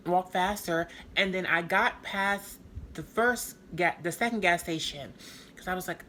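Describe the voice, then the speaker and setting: Woman vlogging a storytime, kinda low voice, rambly n halting with lots of fillers. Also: fairly bright tone, slight background noise. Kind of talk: personal storytelling to camera.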